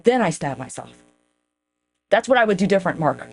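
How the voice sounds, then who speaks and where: A woman's voice: fairly low pitch, big pitch swings, fairly quick. A woman hosting her own podcast, rambling in a casual, profane, self-mocking monologue aimed straight at her viewers. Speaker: podcast host.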